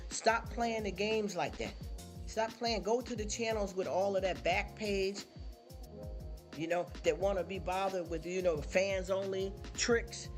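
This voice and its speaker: A man hosting a livestream, lecturing his viewers in a casual, preachy rant full of repeated rhetorical questions. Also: high voice. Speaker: livestream host. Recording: livestream with music behind. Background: background music.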